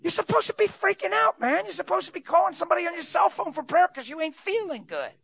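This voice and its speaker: A preacher voicing a sly little male imp who taunts in a low, hushed, slow voice. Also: big pitch swings, gravelly, exaggerated voice. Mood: baffled.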